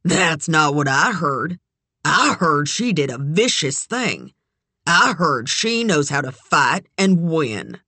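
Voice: mid-range voice, big pitch swings, slow pace, pushed and bright, no echo, full character voice. A reader voicing a menacing, obsessive man. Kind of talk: audiobook character voice.

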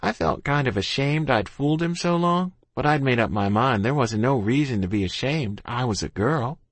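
A man's voice: mid-range voice, lively intonation, normal speed, no echo. A man narrating a first-person story in a folksy rural dialect. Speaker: audiobook narrator.

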